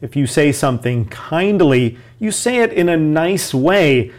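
A man's voice: a little high, lively intonation, a little slow. A man co-hosting a lesson, explaining a story and defining words for learners. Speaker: co-host and teacher.

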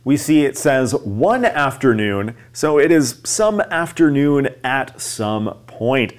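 A man's voice: mid-range voice, lively intonation, slow. A male co-host of an English lesson who explains words and speaks to listeners as friends. His voice rises and falls a lot, and he takes his time. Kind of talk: teaching English with a storybook.

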